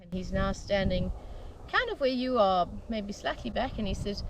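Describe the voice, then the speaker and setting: A South African woman speaks in a halting, restarting way, full of fillers. She is recorded outdoors in open land. Loud wind and outdoor noise sit under her voice. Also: mid-range voice, lively intonation. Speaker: interviewee. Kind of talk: recounting an assault outdoors.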